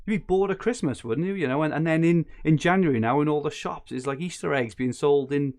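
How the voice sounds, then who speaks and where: Chatty podcast host. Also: male voice, fairly high pitch, fast, a little mellow. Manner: chatty, laughing often, with frequent restarts. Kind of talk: casual chat.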